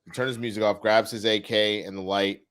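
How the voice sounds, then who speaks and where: A man in casual review chat, retelling scenes in an animated way, swearing freely and acting out the characters. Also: on the low side, fairly quick, clean tone. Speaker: TV episode reviewer.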